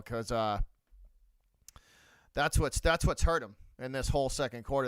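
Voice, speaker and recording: Blunt Boston-accented man, crisp voice. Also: mid-range voice, dry recording. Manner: blunt, repeats himself, shouts out viewers. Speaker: livestream host. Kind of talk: live sports reaction stream.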